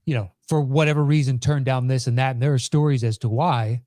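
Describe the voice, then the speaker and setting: A man's voice: mid-range voice, fairly even intonation, brisk, a little mellow, no room sound. A man co-hosting a podcast, chatting casually in a matter-of-fact way with dry asides. His voice sits mid-range and is recorded close and dry, with no room sound. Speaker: podcast co-host. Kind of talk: casual chat.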